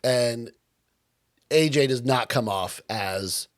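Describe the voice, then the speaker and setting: A man's voice: medium pitch, slow pace. A young man from Long Island, co-hosting a casual podcast and chatting with lots of fillers. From Long Island, New York. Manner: animated, chatty, with many fillers. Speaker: podcast co-host. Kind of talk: casual chat.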